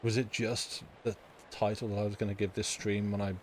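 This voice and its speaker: A man's voice: fairly low pitch, flat delivery, a little fast, slight background noise. A man hosting a live stream, chatting casually and teasing viewers in a dry, rambling way. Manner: dry, teasing banter with frequent restarts. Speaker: livestream host reading stories.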